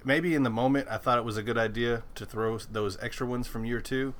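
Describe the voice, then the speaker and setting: A man's voice: mid-range voice, fairly quick, a bit bright, slight background noise. A man hosting a podcast in casual chat, rambling with stumbling restarts and swearing freely. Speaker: podcast host.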